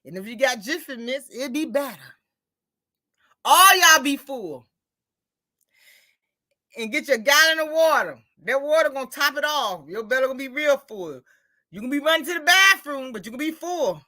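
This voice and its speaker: A woman talks in a relaxed, chatty way, spinning everyday stories. Her voice sits high and bright. She slips into quoted dialogue as she retells what people said. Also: moderate pace, pauses often. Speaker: host. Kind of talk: casual chat.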